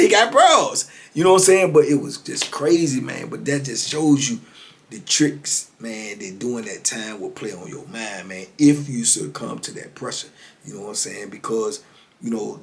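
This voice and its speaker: A man in his fifties telling prison stories in a casual monologue, laughing often and dropping "man" into almost every line. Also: a little high. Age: 50s. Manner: animated, laughs often, says "man" constantly. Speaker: former prisoner storyteller.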